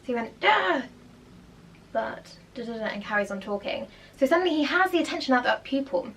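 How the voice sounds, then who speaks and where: A woman's voice: a little high, quick pace, slight background noise. A young woman, a primary school teacher chatting casually as she reacts to a school documentary and explains teaching techniques. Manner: chatty, explanatory, animated asides.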